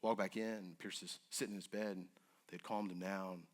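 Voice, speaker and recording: A man with a lowish voice tells a personal story to a crowd at a quick clip. He talks earnestly and intensely, dropping to a hush and then pressing forward with urgency. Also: level tone. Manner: earnest and intense, swinging between hushed and urgent. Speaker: guest speaker. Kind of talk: emotional personal storytelling to an audience.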